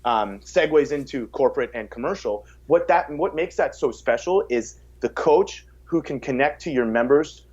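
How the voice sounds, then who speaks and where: In slightly dull podcast audio, a male fitness coach talks about coaching as a guest in casual conversation. His mid-range, a little mellow voice is animated, at normal speed with few pauses. He frequently repeats words as sentences begin and performs quotes in a raised voice.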